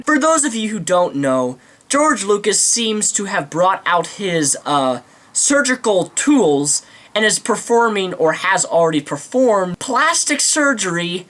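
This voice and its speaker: A man's voice: high-pitched, fairly bright tone. A man giving a ranting movie commentary, indignant and mocking, with theatrical flourishes. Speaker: video commentator.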